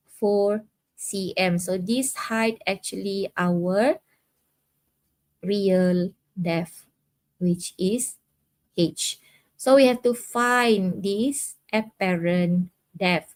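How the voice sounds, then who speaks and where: A woman's voice: medium pitch, dry recording. A woman with a Malaysian English accent teaching a live online physics lesson, patiently explaining step by step with frequent "okay"s.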